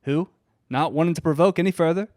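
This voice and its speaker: A man's voice: a little high, quick pace, a little mellow, no echo. Dry-voiced man reading history. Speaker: podcast host. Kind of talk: reading history notes in casual chat.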